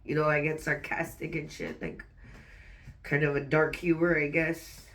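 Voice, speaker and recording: A woman's voice: deep voice, flat delivery, a bit bright, distant mic. A woman venting in a personal vlog while fighting back tears, swearing often and stopping mid-sentence to restart. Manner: raw, swearing, halting restarts.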